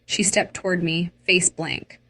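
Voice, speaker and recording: Woman narrator for a dramatic personal story; slow and low. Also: level tone, sharp tone, a little hiss or hum.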